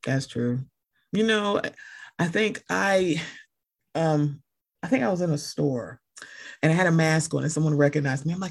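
A woman hosting a podcast in easy conversation, her voice husky with a gravelly edge. Her pitch swings widely as she reacts and plays out little quoted moments. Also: moderate pace, long pauses. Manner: animated, reacts often, acts out quotes.

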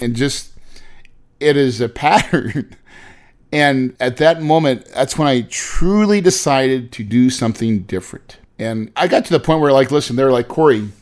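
A man in his forties giving an earnest, emphatic motivational talk to his listeners. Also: medium pitch. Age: 40s. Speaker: real estate investor speaker.

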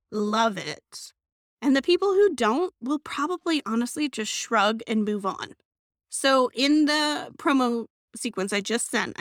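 A woman hosting her own podcast, talking in a chatty, friendly, animated way and acting out little quotes. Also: on the high side, dry recording, studio quality. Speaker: podcast host. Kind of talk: casual solo podcast talk.

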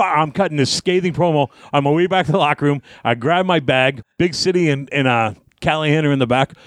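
A man, a wrestling guest, telling a story in casual talk, cursing freely and acting out his shouting. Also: fairly high pitch, brisk, few pauses, dry recording, clean studio sound. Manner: profane, animated, acts out yelling.

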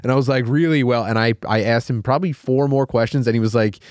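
A man co-hosting a podcast, telling lively anecdotes close to the mic and teasing his co-host. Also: medium pitch, no room sound. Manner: animated anecdotes, quick laughs, teasing. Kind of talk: casual comedic chat.

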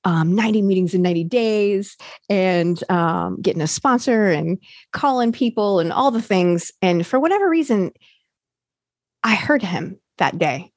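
A woman's voice: medium pitch, animated, a little slow, darkish tone, no room sound, clean studio sound. A woman, now a recovery coach, candidly telling her recovery story in a rambling way, full of fillers and restarts.

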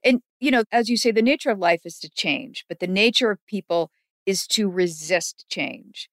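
A woman's voice: medium pitch, expressive, moderate pace, dry recording, studio quality. A woman interviewer asking curious, reflective questions and encouraging her guest. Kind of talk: interview conversation.

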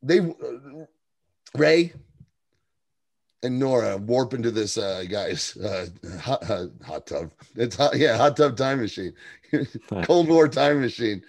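A man's voice: medium pitch, slow pace, creaky. Chatty man recapping a TV episode. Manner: animated, laughs often, recaps plot and acts out lines. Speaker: podcast co-host. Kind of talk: casual chat about a TV episode.

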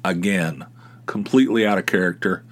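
A man's voice: deep voice, moderate pace. A middle-aged man hosting a podcast, telling a rambling, sarcastic story in casual talk, with many restarts. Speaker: podcast host.

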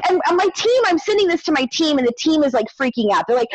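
A middle-aged woman telling her story in a casual interview, animated and climbing to high exasperated tones. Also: fairly quick, few pauses, no room sound, rough recording. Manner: animated, rising to high exasperated pitch when retelling exchanges. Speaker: documentary creator interviewed as guest.

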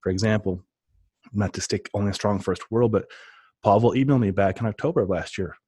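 A man's voice: fairly low pitch, a little fast, a little mellow, breathy edge, no room sound, clean studio sound. A man telling stories with enthusiasm in a casual podcast chat. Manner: enthusiastic, rambling storyteller.

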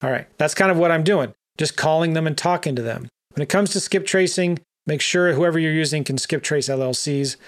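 A man's voice: fairly high pitch, fairly quick, hardly any pauses. A man teaching land investing, talking emphatically and directly to the viewer. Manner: emphatic, animated, talks straight to the viewer. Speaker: real estate investor teaching. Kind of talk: energetic coaching talk.

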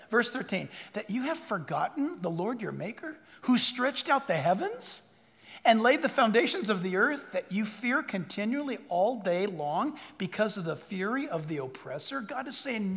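High, bright-voiced preaching pastor. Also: male voice, moderate pace. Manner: animated, emphatic preaching with asides and quoted voices. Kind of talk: sermon. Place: church hall before a congregation. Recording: long reverb of a large hall. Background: audience laughter.

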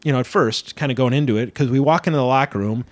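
A man tells stories from his wrestling days as an interview guest. He rambles in a lively, casual way and keeps dropping "like" and "you know". His mid-range voice is recorded dry and close to the mic. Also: mid-range voice, quick pace, no room sound.

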